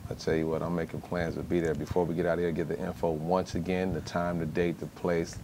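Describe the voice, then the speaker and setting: Fast-talking deep-voiced male host. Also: level tone, noisy background. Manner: upbeat, quick affirmations. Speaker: talk show host. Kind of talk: studio interview.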